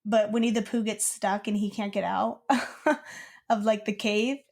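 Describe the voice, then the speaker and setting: A woman's voice: mid-range voice, fairly even intonation, unhurried, creaky, a little mellow. A young woman co-hosting a podcast, telling a childhood story in casual chat, rambling with lots of "like.". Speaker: podcast co-host.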